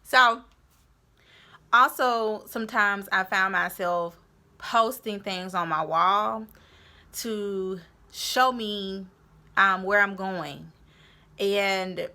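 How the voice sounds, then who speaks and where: A woman's voice: medium pitch, slow pace, bright, forceful tone. A young woman vlogger giving motivational tips to her viewers, encouraging and repeating her key points as she talks straight to them. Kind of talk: motivational tips talk to camera.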